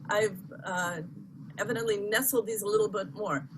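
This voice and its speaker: A woman's voice: mid-range voice, steady tone, normal speed, background noise. A woman teaching chant in an online workshop, explaining with chatty asides, apologies and easy laughter.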